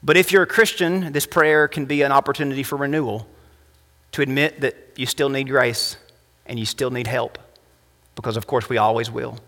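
A male pastor preaching a sermon and leading a prayer, impassioned, rising to emphatic peaks and dropping soft. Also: medium pitch, fairly even intonation, normal speed. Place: church sanctuary. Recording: long reverb of a church hall.

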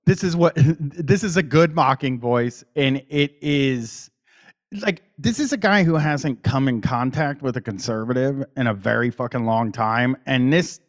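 A man's voice: medium pitch, a little slow. A man co-hosting a casual livestream talk show, speaking bluntly and swearing freely. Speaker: podcast co-host.

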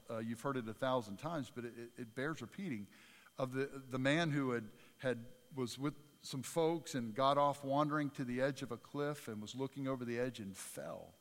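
A man preaching a sermon as pastor, talking conversationally with repetitions and climbing to emphatic peaks. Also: mid-range voice. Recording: church hall with long reverb.

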